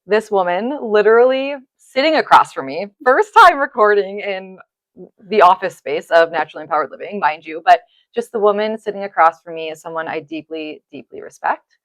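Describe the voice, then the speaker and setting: A woman's voice: medium pitch, lively intonation, a little fast, a bit bright, no echo. A woman hosting a podcast in an office, speaking in an effusive, gushing and emotional way. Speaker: podcast host. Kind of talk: heartfelt podcast conversation. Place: office space, indoors.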